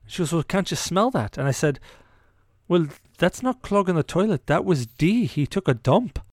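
Laughing, fumbling podcast host. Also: male voice, a little high, darkish tone. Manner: laughs often, stumbles and repeats words when starting a thought. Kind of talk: casual storytelling.

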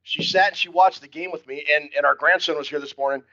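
An older man chatting about a game in a bright, slightly raised voice, jovial and easygoing. He often stumbles over his first words before getting going. The audio is dull and lo-fi. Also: a little high, fairly even intonation, fast. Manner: jovial, repeats words when starting a thought. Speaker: podcast co-host. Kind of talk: casual sports chat.

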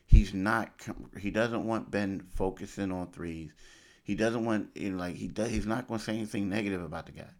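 A man's voice: on the low side, fairly quick. A man hosting a sports talk show, speaking casually and conversationally, often repeating himself for emphasis. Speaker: sports podcast host.

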